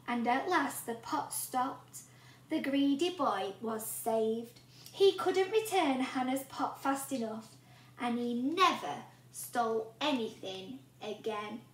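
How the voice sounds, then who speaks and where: A woman teacher reading a storybook aloud to young children and asking them questions along the way. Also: fairly high pitch. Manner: animated, asks the children questions. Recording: roomy echo.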